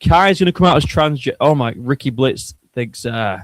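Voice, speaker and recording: A man's voice: medium pitch, expressive, moderate pace, no room sound. A man hosting a casual livestream, chatting in a joking, crude and rambling way. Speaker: streamer host.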